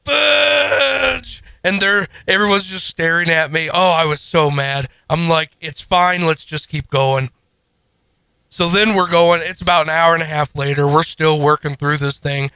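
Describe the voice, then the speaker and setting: Male podcast host in his thirties, bright voice pitched slightly high, animated storyteller; close, dry mic. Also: normal speed, hardly any pauses, clean tone, no room sound. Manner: animated, self-deprecating, acts out his own panic. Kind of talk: casual storytelling.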